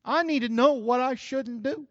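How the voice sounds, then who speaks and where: A man's voice: very high voice, normal speed, a bit bright, no room sound, highs cut off. A man preaching a sermon in a folksy, joking way. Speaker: pastor.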